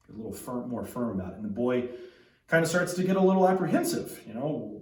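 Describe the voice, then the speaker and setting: A man's voice: mid-range voice, lively intonation, fast, a little mellow, reverberant, recorded from a distance, rough recording. A man preaching a sermon as a pastor, talking in a conversational way with frequent restarts and asides. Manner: conversational, with many restarts and tag questions. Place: church.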